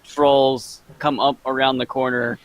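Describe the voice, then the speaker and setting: A man narrating as dungeon master for a tabletop game, halting with many fillers. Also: mid-range voice, flat delivery, poor audio.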